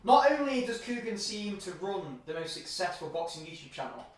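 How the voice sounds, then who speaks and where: A man's voice: high-pitched, big pitch swings, normal speed, slight background noise. A young man co-hosting a casual boxing show, joking and swearing a lot. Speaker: co-host. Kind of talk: casual banter. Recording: echoey room from a distance.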